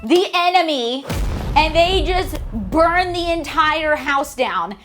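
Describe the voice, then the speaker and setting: A woman's voice: sits high, animated, slow pace, a bit bright, faint music behind. A woman hosting a casual book club recap, chatty with lots of fillers and some swearing. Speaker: host.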